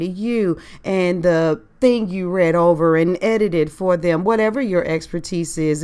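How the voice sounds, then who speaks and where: A woman's voice: lowish voice, darkish tone. A woman hosting a podcast, talking casually on her own and asking her listeners rhetorical questions. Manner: conversational, full of rhetorical questions. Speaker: podcast host. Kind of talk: casual solo podcast monologue.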